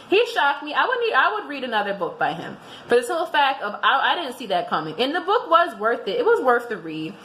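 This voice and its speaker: Woman, casual book-review vlogger, chatty, a bit high and very animated, recorded in an echoey room. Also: fast, hardly any pauses. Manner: chatty and expressive, restarts often. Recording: roomy echoing room.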